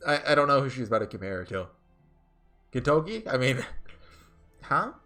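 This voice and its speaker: A man's voice: mid-range voice, big pitch swings, normal speed, long pauses, pushed and bright, soft background music. A man in casual gameplay commentary, rambling with lots of fillers and restarts. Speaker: game streamer.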